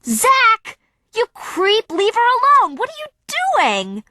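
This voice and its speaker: A woman voicing a shrill, furious teen girl. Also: big pitch swings, measured pace, pushed and bright, dry recording, clean studio sound, exaggerated voice. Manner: shrill, scolding, high-pitched. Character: fierce, protective teenage girl friend. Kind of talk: audiobook character voice.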